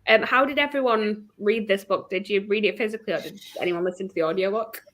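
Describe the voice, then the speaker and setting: A woman hosting a casual book club livestream, chatty and quick to laugh, putting questions to her guests. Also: mid-range voice, a bit bright. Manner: chatty, laughs often, asks the group questions.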